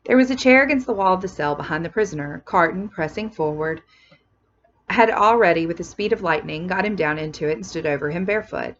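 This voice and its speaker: A woman's voice: lowish voice, fairly quick, lo-fi sound, slight background noise. A woman English teacher reading a classic novel aloud to her class, stopping now and then to explain it in plain words. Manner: reads steadily, then explains in casual slangy asides.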